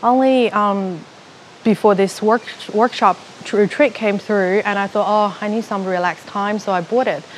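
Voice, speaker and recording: A woman from China, giving an animated personal testimony and acting out her own past thoughts as she tells her story. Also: mid-range voice, moderate pace, a little hiss or hum. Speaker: retreat participant.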